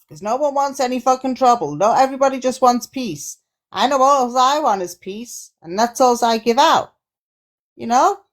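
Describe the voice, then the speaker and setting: A woman doing a sweary mock-Australian loudmouth. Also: on the high side, close to an everyday voice. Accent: put-on Australian. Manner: loud, sweary, rambling. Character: brash foul-mouthed woman from Australia. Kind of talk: improvised comedy role-play on a live stream.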